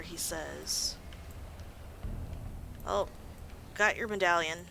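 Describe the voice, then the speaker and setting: Speaking slowly in a lowish, gravelly, animated voice with long pauses, this woman is heard against background noise. The let's play host is tired and keeps yawning while she rambles through relaxed gameplay commentary, teasing herself over her slip-ups.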